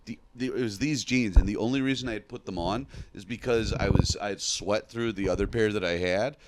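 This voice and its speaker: A young man, a podcast guest, telling a long story in a casual, animated way and laughing at his own tale. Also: on the low side, fairly quick, a little hiss or hum.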